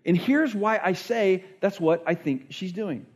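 A man's voice: high voice, measured pace. A man preaching a conversational sermon, earnest and plain-spoken, often restarting his thoughts and acting out what people say. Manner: earnest, repeats words while restarting thoughts; acts out quoted speech with voices. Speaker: pastor.

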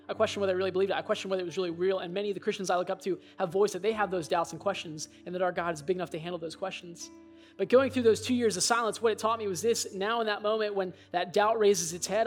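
Earnest high-voiced male pastor. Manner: earnest, reflective storytelling with quoted voices. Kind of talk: sermon.

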